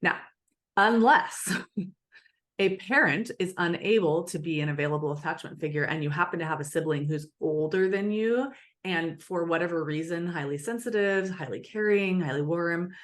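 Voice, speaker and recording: A woman's voice: on the low side, normal speed. A woman guest on an interview podcast, explaining things earnestly and acting out little example dialogues. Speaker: attachment expert guest.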